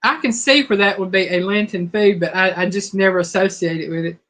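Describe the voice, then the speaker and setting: A woman hosting a live trivia chat. Her voice is hoarse, and she talks casually while reading out viewers' answers. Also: mid-range voice, brisk, fairly bright tone. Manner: chatty, reads out viewers' answers.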